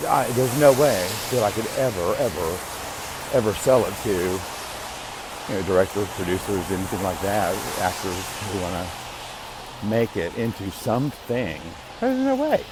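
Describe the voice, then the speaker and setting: A man's voice: low voice, measured pace, background noise. A man hosting a podcast, rambling casually to himself with restarts and the odd curse. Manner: rambling, self-interrupting, occasional swearing. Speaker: podcast host.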